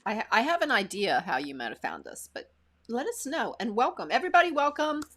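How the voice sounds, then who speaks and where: A woman's voice: fairly high pitch, sing-song, fast, a bit bright. A woman co-hosting a live stream in casual chat, giggling often and reading out viewer comments. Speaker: co-host.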